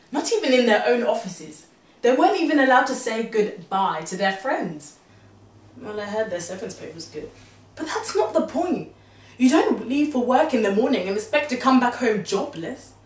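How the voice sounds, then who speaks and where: A young woman tells a dramatic story in a confiding, animated monologue with a lively, swooping pitch. She drops to a hush and then bursts into exclamation. She is heard from a distance in an echoey room. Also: normal speed. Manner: animated, confiding, swings between hushed and exclaiming. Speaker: narrator telling a story to her mother.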